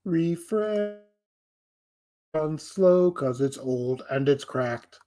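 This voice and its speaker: A man hosts a casual live stream, rambling, cursing and poking fun at himself. His voice is a little high and dark in tone, with lively intonation and a very slow pace.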